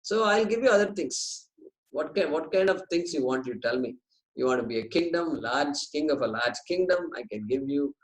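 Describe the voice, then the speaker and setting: A man's voice: on the high side, animated, moderate pace, natural voice, poor audio. A man voicing a god of death who coaxes and bargains, offering riches. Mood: coaxing.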